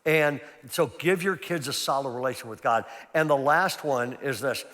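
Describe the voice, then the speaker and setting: A man's voice: mid-range voice, moderate pace, hardly any pauses, fairly bright tone. An older man, a pastor, giving a conversational, emphatic seminar talk full of personal stories. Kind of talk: sermon-style seminar talk. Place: large church hall. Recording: long hall reverb.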